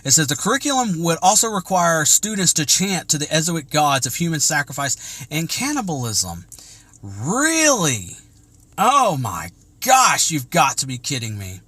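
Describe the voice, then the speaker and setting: A man's voice: fairly high pitch, sing-song, normal speed, pushed and bright, no room sound. A man vlogging in an agitated, preachy way, repeating himself as he reads out and rants about an article. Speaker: religious vlogger. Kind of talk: impassioned commentary to camera.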